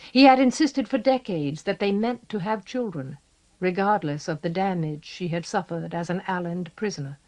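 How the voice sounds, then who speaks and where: Steady woman narrator reading an old cassette audiobook. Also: medium pitch. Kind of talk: scripted narration.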